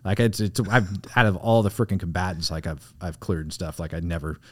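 A man's voice: sits low, brisk, husky, no echo, clean studio sound. A man co-hosting a casual podcast, rambling and profane, with lots of "like" and "you know". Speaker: podcast co-host, military veteran. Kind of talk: casual storytelling.

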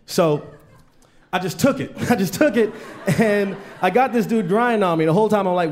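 With a high-pitched, slightly mellow voice, lively intonation and a moderate pace, a man does stand-up for a live audience. He spins stories and acts out other characters in raised voices.

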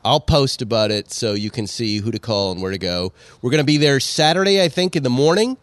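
A man hosting a casual podcast, rambling and animated as he talks. His pitch moves a lot. The sound is dry and close. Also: brisk, dry recording. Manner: animated, rambling, laughs often. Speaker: podcast host. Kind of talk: casual chat. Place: outdoor patio.

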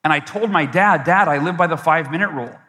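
Fast and sharp-toned, with a fairly high voice, a man gives a motivational keynote, telling a story and performing his past self with big swings. Long reverb from the large live event hall fills the recording.

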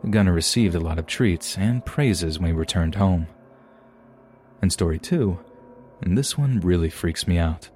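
Low dark-voiced guy reading creepy stories, calm and measured, faint music behind. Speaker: podcast narrator. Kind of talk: scripted narration of submitted stories.

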